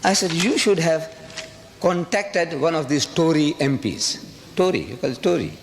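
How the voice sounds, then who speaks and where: Here an older man from South Africa lectures a live audience with passion and rhetorical flair, repeating phrases to stress them. His voice is slightly high and moves at a normal speed. As a public speaker in an echoey hall, he's captured with a faint hiss in the background.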